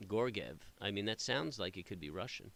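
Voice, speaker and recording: A man's voice: fairly low pitch, animated, brisk, creaky, a bit bright. A middle-aged man hosting a trading stream, chatting casually with viewers in a rambling way, full of fillers and restarts. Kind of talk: casual chat with live viewers.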